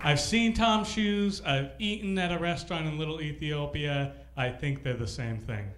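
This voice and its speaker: A man's voice: fairly high pitch, noisy background. Upbeat male emcee in a roomy club. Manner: upbeat, quick banter between acts. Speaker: host. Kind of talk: emcee introducing comedians. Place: comedy club stage. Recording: roomy club with music behind.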